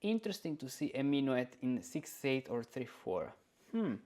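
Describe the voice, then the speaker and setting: A man teaching music composition in an informal lesson, singing rhythms and note syllables aloud to demonstrate his points as he thinks out loud. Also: medium pitch, sing-song, normal speed.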